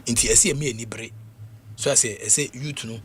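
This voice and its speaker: A man with a Ghanaian accent talking sports on the radio in a casual, animated way, laughing often and full of fillers and repeats. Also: medium pitch, fairly quick, a little hiss or hum. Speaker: radio sports show panelist. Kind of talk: casual radio sports talk mixing English and Twi.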